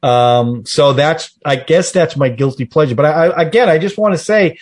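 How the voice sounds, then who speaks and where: A man with a husky, fairly high voice talks casually in a group. He is earnest and often trips over and repeats his words. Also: normal speed. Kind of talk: casual chat about movies.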